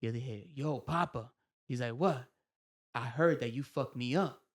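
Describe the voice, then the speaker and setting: A man hosting a comedy podcast, telling a story in an animated way, acting out the quotes and laughing often. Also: mid-range voice, normal speed. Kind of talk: casual storytelling chat.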